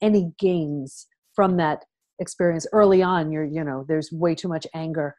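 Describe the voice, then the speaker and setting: A woman's voice: sits low, steady tone, moderate pace, a little mellow. Woman, interview host, supportive, reflective questions, conversational. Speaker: podcast host.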